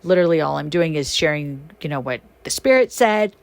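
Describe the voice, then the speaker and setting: A woman with a somewhat low voice hosts a spoken podcast and tells her stories as casual talk. She is chatty, full of fillers, and jumps up in pitch when something excites her. Her delivery is animated and emphatic. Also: fairly quick, gravelly. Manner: chatty with many fillers like "you know". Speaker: podcast host and shaman. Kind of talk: casual storytelling monologue.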